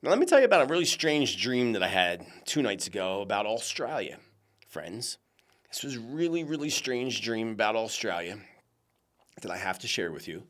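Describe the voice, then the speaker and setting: A man's voice: lowish voice, moderate pace. A man hosting a psychic predictions show, talking casually and animatedly to his viewers, whom he calls friends. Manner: chatty, animated, addresses listeners as friends.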